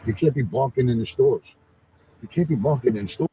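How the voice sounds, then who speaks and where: A man's voice: mid-range voice, expressive, fairly quick, warm tone, slightly rough, rough recording. A man calling into a livestream from a car, chatting in a laid-back, rambling and profane way. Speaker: livestream guest. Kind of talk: casual livestream chat.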